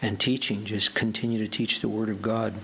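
Gravelly, low-voiced man preaching a sermon. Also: level tone, fairly bright tone, a little hiss or hum. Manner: earnest, emphatic preaching with slow stressed quotes. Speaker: pastor.

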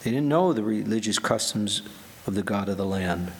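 A man preaching a sermon as pastor, earnest and emphatic, slowing down to stress the scripture he quotes. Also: on the low side, lively intonation, vocal fry, slight background noise.

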